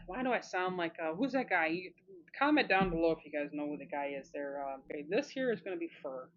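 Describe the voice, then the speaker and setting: A woman's voice: on the low side, lively intonation, fairly quick. A woman chatting casually and thinking aloud as she sketches, encouraging herself through mistakes. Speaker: art channel creator. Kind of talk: casual drawing commentary. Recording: slightly muffled with faint hiss.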